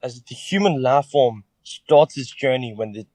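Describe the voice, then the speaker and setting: A man with a South African accent telling a story in a mock-formal voice message, with dramatic pauses. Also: mid-range voice, mellow, no room sound. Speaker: listener submission. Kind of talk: recorded voice message.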